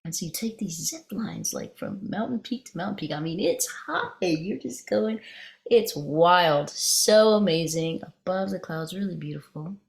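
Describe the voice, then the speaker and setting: Low, gravelly-voiced woman teacher. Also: expressive, unhurried. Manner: conversational, meandering, with frequent restarts. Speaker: meditation teacher. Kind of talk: dharma talk with personal storytelling.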